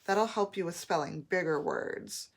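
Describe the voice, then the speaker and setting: Lady teacher doing phonics, slow and patient, kinda low voice, stretches words out. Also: gravelly. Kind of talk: phonics lesson.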